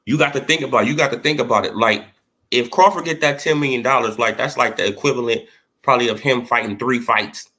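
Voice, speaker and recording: Quick and bright with a forceful edge, a man's voice offers loose boxing opinions full of slang. As a boxing commentary vlogger, he keeps checking whether you feel him and performs imagined exchanges in a swinging pitch.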